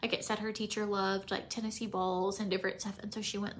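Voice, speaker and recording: A woman around forty, teary and emotional, rambling casually while doing her makeup at home and sometimes dropping to soft near-whispers. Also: medium pitch, level tone, quick pace, few pauses, slight background noise. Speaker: makeup vlogger.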